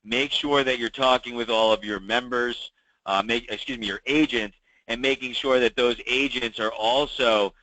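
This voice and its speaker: A man's voice: mid-range voice, steady tone, normal speed, sharp tone, dry recording, low-quality recording. A man hosting a weekly call for insurance agents, talking through problems in a conversational way with many fillers and repeating key advice. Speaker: meeting host for insurance agents.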